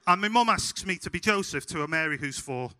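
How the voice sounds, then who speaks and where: Scouse man preaching, funny storytelling, bright forceful voice, church hall reverb, fairly high pitch. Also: brisk. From Liverpool, England. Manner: humorous, animated anecdotes. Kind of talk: sermon with storytelling.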